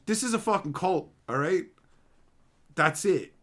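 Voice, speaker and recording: A man's voice: sits high, lively intonation, measured pace, fairly bright tone. A young man hosting a livestream, ranting in a brash, profane, swaggering way. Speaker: livestream host. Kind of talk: casual livestream rant.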